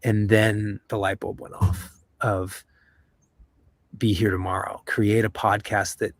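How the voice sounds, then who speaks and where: Low-voiced, candid middle-aged man. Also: level tone, slow pace. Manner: open, reflective. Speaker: podcast host guest. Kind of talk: candid conversation.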